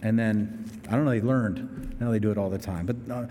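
A man's voice: lowish voice, a little fast, mellow. Man preaching in a reverberant hall. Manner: expository preaching, casual asides and dramatic outbursts. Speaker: pastor. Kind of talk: sermon.

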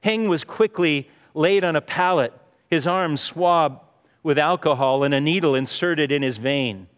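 A man's voice: on the high side, measured pace, a bit bright, smooth. A man preaching a sermon, telling a story in an earnest way and often saying "you see". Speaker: pastor. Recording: reverberant hall.

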